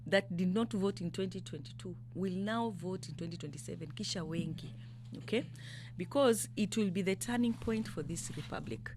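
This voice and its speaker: A woman's voice: medium pitch, slight background noise. A Kenyan woman from the coast speaking as a political candidate in an interview. She talks emphatically, fires off rhetorical questions and switches between English and Swahili. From Kenya, Mombasa. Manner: grows louder and more fired up. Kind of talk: impassioned political interview talk.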